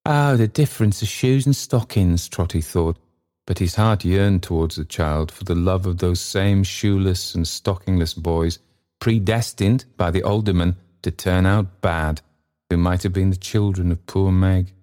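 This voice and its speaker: A man reading a classic novel aloud in a measured, theatrical narration. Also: sits low, fairly even intonation, a little mellow. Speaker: audiobook narrator.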